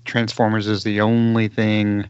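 A man's voice: lowish voice, monotone, measured pace, darkish tone, clean tone, no room sound. Chatty man on a dry lo-fi podcast. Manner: chatty, laughs often, trails off mid-thought. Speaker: podcast co-host. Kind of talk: casual chat. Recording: dry, slightly lo-fi sound.

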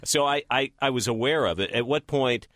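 A man's voice: medium pitch, brisk, fairly bright tone, no echo. Texas-raised male host, mid voice, dry close mic, rambling chatty delivery. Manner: rambling, restarts, chuckles. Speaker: podcast host. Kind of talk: casual interview chat.

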